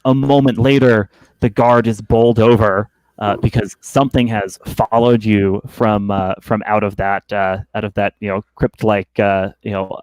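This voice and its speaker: A man narrating as game master of a tabletop game, speaking haltingly with many fillers and restarts. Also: on the low side, darkish tone, dry recording, poor audio.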